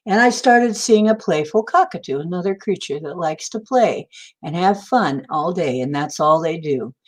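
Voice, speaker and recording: A woman's voice: medium pitch, a little mellow. A middle-aged woman hosting a livestream who talks casually and rambles through stories and viewer questions. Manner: rambling, storytelling, answers chat viewers. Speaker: livestream host. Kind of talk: casual spiritual talk on a livestream.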